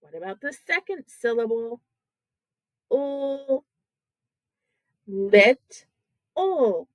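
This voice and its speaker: A woman teaching kindergarten children, sounding out words slowly syllable by syllable in a patient, encouraging way. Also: on the high side, no room sound, rough recording.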